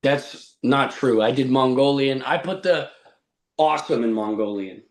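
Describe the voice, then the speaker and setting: A man's voice: mid-range voice, unhurried. A man on a live stream, telling boastful tall tales with a straight face. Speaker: stream co-host. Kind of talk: joking live-stream banter.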